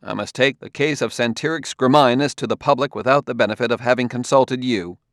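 A determined detective, voiced by a male audiobook narrator, clipped and insistent. The voice sits a little above the narrator's own low pitch. The recording is dry and close. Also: brisk, fairly bright tone, dry recording, lightly acted. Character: determined Earthman detective, man.

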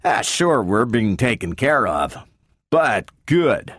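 A man voicing an excitable male space engineer who complains sarcastically and often bursts into exclamations. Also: medium pitch, slow pace, no room sound, studio quality, full character voice. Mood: sarcastic.

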